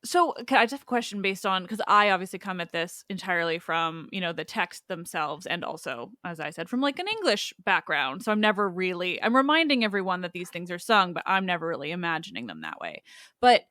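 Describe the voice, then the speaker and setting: A woman's voice: on the low side, big pitch swings, brisk, sharp tone, no room sound. A young woman hosting a podcast, asking questions casually with lots of fillers and backchannels. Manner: asks questions with many fillers, backchannels often. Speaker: podcast host. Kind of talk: casual interview chat.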